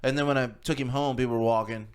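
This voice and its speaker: A man's voice: medium pitch, fairly even intonation, fast talker, clear, resonant tone. A man in his forties chatting casually as a podcast co-host, telling wry stories with joking asides. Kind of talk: casual chat.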